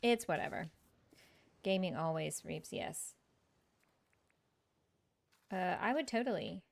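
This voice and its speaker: A woman's voice: lowish voice, animated, takes it slowly, gravelly. A woman streaming a game, chatting casually with viewers in a chatty, self-mocking way and laughing often. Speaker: live-streaming gamer. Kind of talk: casual gameplay chat with viewers.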